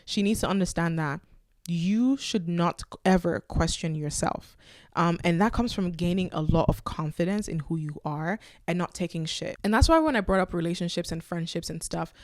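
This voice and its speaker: A woman hosting a podcast, giving blunt, animated advice in a casual chat and reading listener letters aloud. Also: on the low side, dry recording, clean studio sound. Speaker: podcast host.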